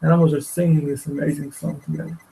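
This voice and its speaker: Gravelly man retelling a story haltingly. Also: a little high, little pitch movement, dark tone, poor audio. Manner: halting, repeats words, many restarts. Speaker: teacher. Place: study hall.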